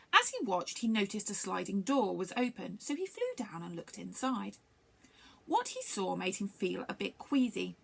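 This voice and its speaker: A woman reading a children's storybook aloud for a library story time, expressive and animated. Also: medium pitch, normal speed, creaky, husky.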